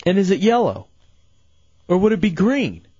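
A man hosting a casual late-night radio show, animated and full of incredulous questions, his voice going hoarse. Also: high voice, normal speed, dry recording, lo-fi sound.

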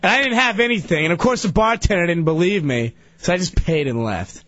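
A man on a radio talk show telling a story loudly and excitedly, acting out the people in it. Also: high-pitched, fairly quick, dry recording, highs cut off. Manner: loud, excitable, acts out the people in his story.

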